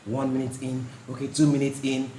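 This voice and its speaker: Animated laughing man in an echoey room. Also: medium pitch, fairly quick. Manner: animated storytelling, laughs often. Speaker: podcast host. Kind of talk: casual podcast chat. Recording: echoey room with faint noise.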